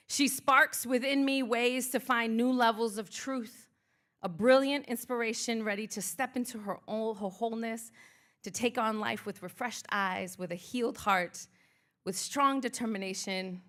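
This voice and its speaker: A woman's voice: a little high, sharp tone. A woman motivational speaker performing spoken word live, leading the crowd in rhythmic, declarative affirmations. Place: art museum event space.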